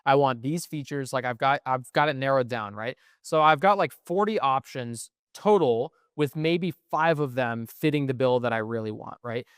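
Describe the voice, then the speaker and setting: Young man telling a story, crisp dry voice. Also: medium pitch, moderate pace, few pauses, dry recording. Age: young adult. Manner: profane, animated storytelling. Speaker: podcast co-host. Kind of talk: casual storytelling chat.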